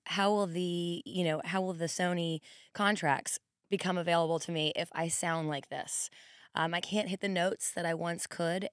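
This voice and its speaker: Hoarse woman in her forties, low and dry. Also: dry recording. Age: 40s. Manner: chatty and rambling, quick asides. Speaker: podcast host. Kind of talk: casual monologue.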